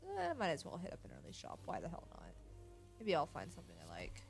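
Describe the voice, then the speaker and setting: A woman's voice: lowish voice, wildly swooping pitch, fast talker, gravelly, faint music behind. A woman hosting a gaming channel, giving casual commentary as she plays and muttering, often cursing at the game.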